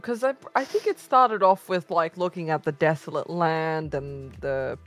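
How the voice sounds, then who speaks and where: A woman with a low voice chatting slowly on a movie podcast, stretching her words out. She bursts into loud exclamations when excited, with faint music in the background. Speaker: podcast co-host. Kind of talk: casual movie podcast chat.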